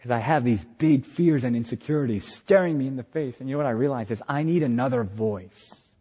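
A man preaching a sermon as pastor, impassioned, moving between quiet reflection and loud exhortation. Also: medium pitch, brisk, husky, muffled recording. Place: retreat meeting hall. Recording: long hall reverb.

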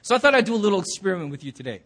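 Very high-voiced male pastor preaching. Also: racing. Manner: animated storytelling, acting out quoted voices. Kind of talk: sermon. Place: church sanctuary.

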